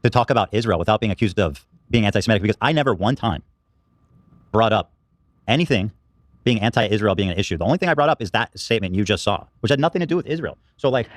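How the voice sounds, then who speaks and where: A man hosting a podcast, talking directly and calmly and asking pointed questions. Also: on the low side, no room sound. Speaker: podcast host. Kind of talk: podcast discussion.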